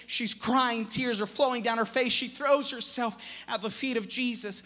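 Brief: a man preaching with a very high, bright voice and dramatic swings, in a long echoing church reverb. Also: moderate pace, few pauses. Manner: dramatic, swings between hushed and loud. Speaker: pastor. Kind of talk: sermon. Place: church sanctuary.

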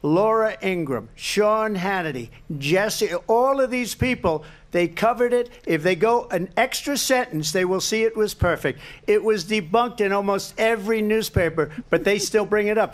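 A man's voice: sits high, moderate pace, hardly any pauses. A man answering at a presidential debate, emphatic, repetitive and rambling.

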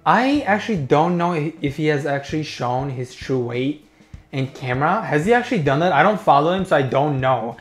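A man's voice: on the high side, lively intonation, fairly quick, roomy sound, faint music behind. A young man giving reaction commentary as a YouTuber, mocking, incredulous and sweary.

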